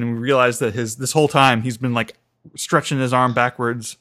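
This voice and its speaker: A man's voice: mid-range voice, fairly even intonation, normal speed, sharp tone. Chatty man recapping an episode. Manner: rambling retelling with many fillers and restarts. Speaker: podcast co-host. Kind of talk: casual recap chat.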